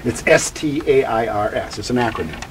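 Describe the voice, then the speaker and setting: A man who teaches about grief, answering interview questions in an animated, digressive way and acting out quotes. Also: mid-range voice, a little fast, a little hiss or hum, rough recording. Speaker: grief educator.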